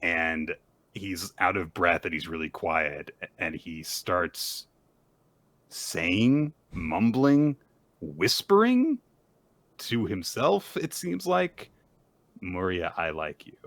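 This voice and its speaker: Male co-host, lowish bright voice, animated storyteller, dry close sound. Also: slow, no echo. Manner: animated retelling, jumps high when quoting characters. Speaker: podcast co-host. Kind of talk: casual recap chat.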